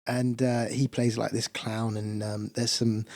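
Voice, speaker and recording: A man's voice: medium pitch, little pitch movement, unhurried, darkish tone, dry recording, studio quality. A man co-hosting a casual film podcast, recapping a movie with lots of fillers and hesitations. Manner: rambling recap with many fillers. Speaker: podcast co-host.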